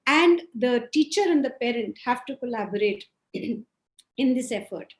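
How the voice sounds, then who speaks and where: High-voiced woman on an echoey video call. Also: expressive, measured pace. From India. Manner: firm, with frequent hesitations. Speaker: panelist. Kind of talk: online panel talk. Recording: echoey room.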